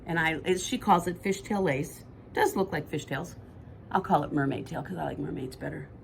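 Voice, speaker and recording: This podcast co-host speaks in a low, creaky voice at normal speed, with slight background noise. She keeps things casual, wandering through her thoughts and self-correcting as she talks.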